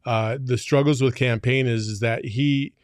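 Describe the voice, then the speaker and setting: A man in casual sports chat who starts and restarts his thoughts and laughs easily. His voice sits at an ordinary pitch. It is recorded dry and close with little room sound. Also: steady tone, normal speed, clear, resonant tone, no room sound. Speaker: co-host.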